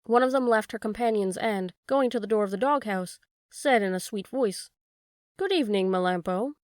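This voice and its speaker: A woman narrating a classic children's tale in a calm, measured storybook reading. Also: a little high, no echo, clean studio sound. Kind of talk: storybook read-aloud.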